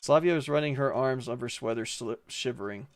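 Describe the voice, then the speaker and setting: A man's voice: medium pitch, fairly quick. A man streaming a visual novel, reading its narration and dialogue aloud and breaking off now and then to joke and laugh. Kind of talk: playful read-aloud of game text with commentary.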